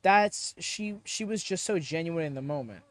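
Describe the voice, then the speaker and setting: Excitable young man reacting live. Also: a little high, no room sound. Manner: excitable, quick to laugh, lots of fillers. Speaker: watchalong host.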